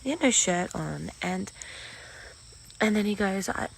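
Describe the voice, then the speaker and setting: Earnest woman, gravelly half-whispers. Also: mid-range voice, expressive, a little slow, slight background noise, low-quality recording. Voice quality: drops often into breathy half-whispers. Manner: earnest, rambling, heavy on "like". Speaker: storyteller in a social video. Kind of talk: casual personal storytelling.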